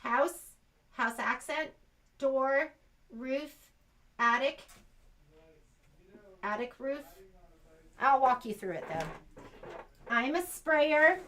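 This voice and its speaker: A woman's voice: high voice, lively intonation, extremely slow, long pauses, a bit bright. An American woman demonstrating machine embroidery in a sewing shop, chatting casually and thinking aloud as she works.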